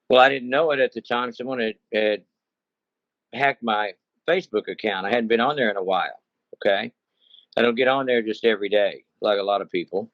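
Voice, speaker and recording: A man's voice: lowish voice, a little fast, no echo. A man who runs a cattle ranch telling his story in a rambling, folksy way, often repeating himself. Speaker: consumer telling a scam story. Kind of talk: casual first-person account. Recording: dull lo-fi sound, dry.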